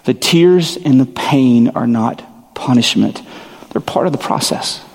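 A man's voice: medium pitch, unhurried, creaky, darkish tone. A man preaching a sermon as a pastor, earnest and emphatic, often repeating his phrases for weight. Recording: long hall reverb.

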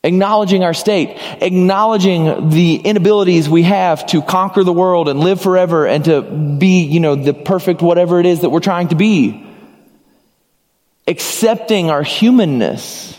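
A man's voice: sits high, normal speed, a little mellow, big-room sound. A man preaching a sermon as pastor, earnest, acting out short dialogues as he speaks.

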